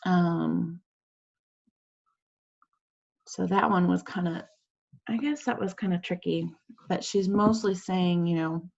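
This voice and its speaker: A woman's voice: fairly low pitch, takes it slowly, vocal fry, pauses often, a little mellow, highs cut off. A woman teacher talking a class through quiz questions over a video call in a casual, chatty way, with lots of fillers and acted-out quotes.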